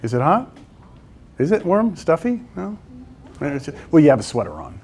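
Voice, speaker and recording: A man teaches math in a classroom, his voice sitting a little high for a man. He keeps coaxing his students along and checks in with them again and again as he works through each step. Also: very animated, normal speed, a little mellow, a little hiss or hum. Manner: coaxing, quizzes students with frequent "right?". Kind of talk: classroom lecture.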